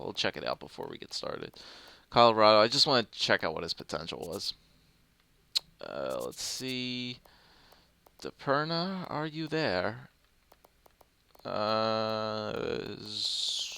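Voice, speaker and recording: A man's voice: lowish voice, gravelly, bright, forceful tone, clear, resonant tone, dry recording. A young man giving casual, rambling gameplay commentary, thinking aloud with fillers as he goes. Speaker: gaming commentator.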